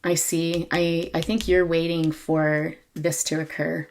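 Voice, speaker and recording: Woman, low voice, tarot reader, casual talk to camera, lots of ums, corrects herself. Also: monotone, a little mellow, slight background noise. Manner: halting, many ums and self-corrections.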